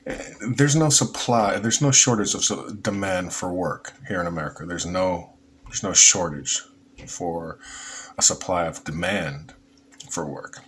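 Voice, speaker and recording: A man's voice: deep voice, measured pace, a bit bright, slight background noise. A man giving a casual, rambling opinion monologue for his vlog, often restarting his sentences. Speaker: vlogger.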